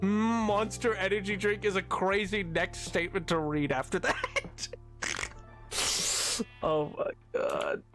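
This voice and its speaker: A male streamer chats with his viewers in a high, bright voice, laughing easily and staying animated as he goes. Faint music plays underneath his talk. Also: takes it slowly, long pauses. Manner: giggly, animated, breaks into laughter often. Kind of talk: casual live-stream chat, reading chat messages.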